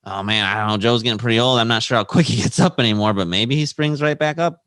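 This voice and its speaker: A man's voice: mid-range voice, fast, a bit bright, no room sound. A man co-hosting a casual podcast, reading quotes aloud and laughing between them. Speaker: podcast co-host.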